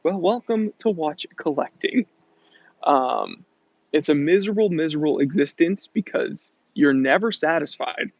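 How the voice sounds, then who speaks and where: A man's voice: a little high, animated, a little slow, no room sound, lo-fi sound. A man in his thirties from New England, hosting a casual live Q&A and joking as he reads out viewer comments. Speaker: livestream host answering chat questions.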